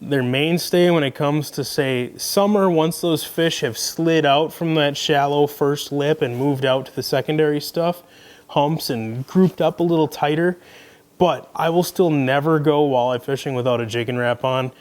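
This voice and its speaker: A young man, casually explaining his fishing gear in a relaxed, folksy way. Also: fairly high pitch, moderate pace. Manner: relaxed, folksy, conversational with fillers. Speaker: fishing video host. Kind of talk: casual gear rundown to camera.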